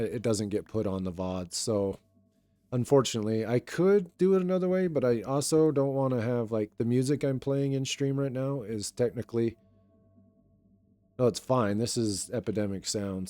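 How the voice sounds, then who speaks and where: A young man streaming and chatting casually with viewers in a relaxed, rambling way, his voice a little raw today. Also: on the low side, no room sound. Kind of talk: casual live-stream chat.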